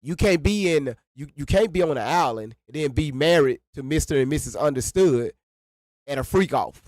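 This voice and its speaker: A man co-hosting a reaction stream, angry and profane, hammering his points by repeating them. His voice is fairly high for a man. The sound is dry and close. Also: lively intonation, moderate pace, a little mellow, no echo. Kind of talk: heated reaction commentary.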